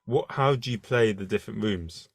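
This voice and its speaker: A man with a fairly low voice hosts a relaxed podcast interview. He thinks out loud and draws out his guest with questions. The sound is close and dry, with no room echo. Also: normal speed, creaky. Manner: reflective, asks questions and makes points. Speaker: podcast host. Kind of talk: casual interview.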